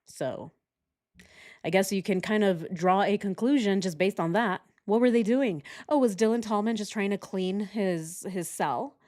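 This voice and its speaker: A woman's voice: medium pitch, unhurried, darkish tone. Sarcastic, chatty woman vlog host. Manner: sarcastic, laughs often, chatty. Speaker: channel host. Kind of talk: true-crime commentary vlog.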